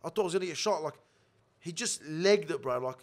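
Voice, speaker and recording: A man's voice: on the high side, animated, brisk. A young man telling a story in casual chat, blunt and profane, laughing along with his own tale. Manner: profane, blunt, swears constantly.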